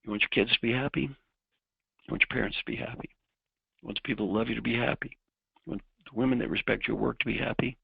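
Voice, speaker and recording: Keynote speaker, motivational, raspy and husky, direct with the audience. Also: male voice, medium pitch, fairly even intonation, fast talker, long pauses, no echo, lo-fi sound. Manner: direct, coaching the audience through exercises. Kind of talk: motivational talk.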